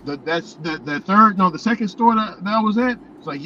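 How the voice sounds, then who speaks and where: A man's voice: high-pitched, a little fast, few pauses, bright, forceful tone, muffled recording, a little hiss or hum. A man vlogging as a delivery driver, chatting casually and telling loose, profane stories with frequent laughs. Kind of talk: casual chat.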